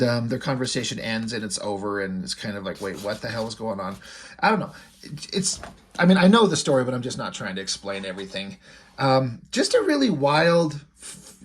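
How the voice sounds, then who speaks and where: A man's voice: mid-range voice, expressive, normal speed, a little hiss or hum. A man casually recapping a comic book, loose and rambling, full of asides and fillers. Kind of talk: casual commentary.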